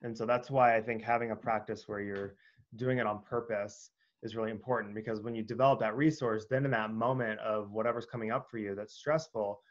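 Earnest guest on dull lo-fi audio. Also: male voice, lowish voice, steady tone, fairly quick. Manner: earnest and explanatory, with filler words. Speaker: guest, breathwork coach. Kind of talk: casual conversational interview.

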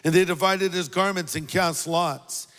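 A man preaching a sermon as a pastor, earnest and deliberate, leaning on key words. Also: sits high, fairly even intonation, fairly bright tone, clean tone, big-room sound.

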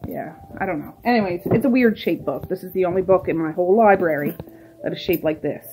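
With a fairly low, brisk voice over background noise, a middle-aged vlogger from Nova Scotia, Canada, talks casually through her day. She rambles to the camera and stops to speak to her pets and birds.

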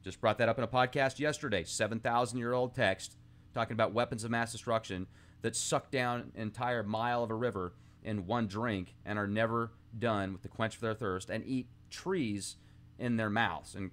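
A man's voice: lowish voice, steady tone, fairly quick, a bit bright. A man hosting a podcast, musing aloud in a rambling, casual monologue with asides, reading old texts aloud between his thoughts. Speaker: podcast host.

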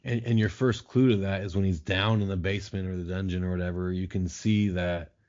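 A man with a very low voice chats as a podcast guest, cursing freely and riffing with sarcastic jokes. His talk is loose and casual. The recording sounds dull and lo-fi. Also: fairly even intonation, fairly quick, a little mellow.

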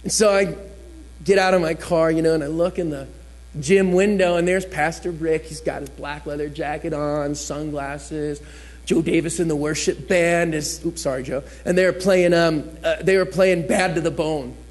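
A man's voice: on the high side, fairly even intonation, moderate pace. A man giving a personal testimony in a church, telling his story vividly and acting out what people said. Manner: storytelling, acts out quotes with shifting voice. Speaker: guest speaker giving testimony.

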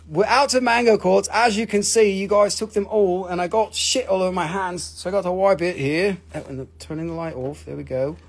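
A man with a mixed Australian and Northern English accent, hosting a casual live crystal sales stream, excitable and rambling, swearing freely. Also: sits high, vocal fry, slightly rough.

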